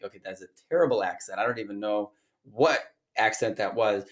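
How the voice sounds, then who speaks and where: A man's voice: lowish voice, steady tone, fairly quick, a bit bright. A man teaching an online course, talking casually and thinking aloud as he reads through listings on his screen. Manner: chatty, thinks aloud while reading listings. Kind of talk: casual screen-share walkthrough.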